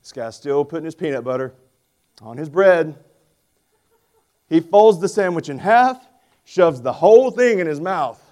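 Storytelling male preacher, higher voice. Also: measured pace, long pauses. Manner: animated storytelling, emphatic. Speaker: pastor. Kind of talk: sermon.

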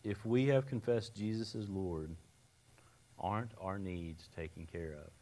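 A lower-pitched man preaches to a congregation. He tells folksy stories from his own life in an earnest way and often restarts his sentences. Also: a little slow, mellow. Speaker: lay preacher. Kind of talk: sermon with personal stories.

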